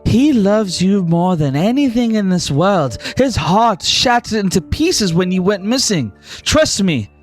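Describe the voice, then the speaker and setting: A jolly older aunt, as a man puts her on, with a thick Scottish lilt, pitched high and leaping wildly up and down. She gushes with warmth, a retired brawler at heart, for a tabletop game with soft music underneath. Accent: Scottish, put on. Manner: exuberant, gushing, affectionate. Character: cheerful tough older aunt, a former brawler.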